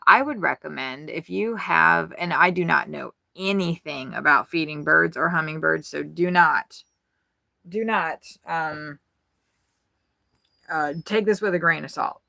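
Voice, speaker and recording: Inside her RV, a Midwestern American woman vlogger rambles through a candid tour, casual and freely swearing. Her voice is low, unhurried, creaky, pushed and bright, captured in clean, dry studio sound with no room echo.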